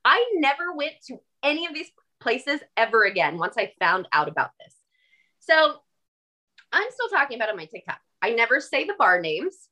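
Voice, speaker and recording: A woman guest on a podcast, telling a personal story in an animated, emphatic way and swearing now and then. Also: on the high side, moderate pace. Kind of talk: casual storytelling conversation.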